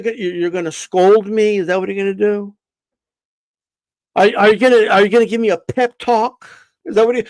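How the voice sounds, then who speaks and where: A very high-pitched man runs a boxing live stream, delivering a profane, defiant rant full of stammers, restarts, and repetition. There is no echo on the recording.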